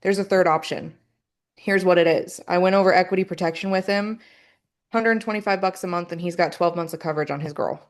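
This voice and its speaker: A woman's voice: fairly low pitch, fairly quick. A woman, an insurance sales agent, upbeat as she recounts a call with a client.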